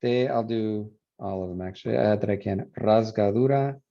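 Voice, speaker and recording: A man teaching a phonetics class review, explaining and repeating words slowly to model pronunciation. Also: lowish voice, gravelly, mellow. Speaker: Spanish phonetics instructor. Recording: dull lo-fi classroom recording.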